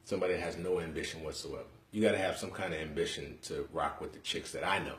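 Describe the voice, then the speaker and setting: Broadcasting live from an echoey room in his Harlem home, a young New Yorker talks to his viewers in blunt, slangy, casual chat. He has a very deep voice with a fairly bright tone, and he speaks quickly.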